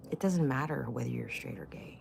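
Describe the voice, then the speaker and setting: A woman's voice: a bass voice, expressive, fairly quick, gravelly, noisy background. A middle-aged woman vlogging in casual chat, blunt, profane and opinionated.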